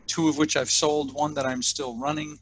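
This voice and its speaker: A man's voice: on the high side, flat delivery, moderate pace, a little hiss or hum. A middle-aged man with an American accent, chatting as an interview guest and often repeating words as he restarts. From United States. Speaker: guest, leadership trainer. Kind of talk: casual interview chat.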